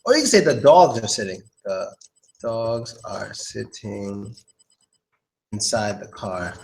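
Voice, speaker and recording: A man's voice: on the low side, expressive, slow pace, vocal fry, echoey room. A man teaching English in a casual live lesson, joking and thinking aloud as he goes.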